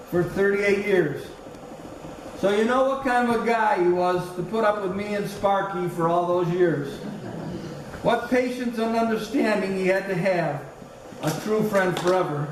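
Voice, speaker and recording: An older man delivering a fond funeral eulogy in a high voice. He is picked up from a distance in a large echoey hall with steady noise. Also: unhurried. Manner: storytelling, fond, chuckling. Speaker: eulogist, former school colleague.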